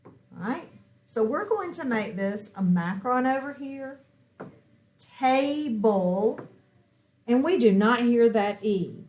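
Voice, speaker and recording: This recorded whiteboard lesson features a woman teaching phonics, her voice a touch high and mellow. Patiently, she asks her own questions and supplies the answers.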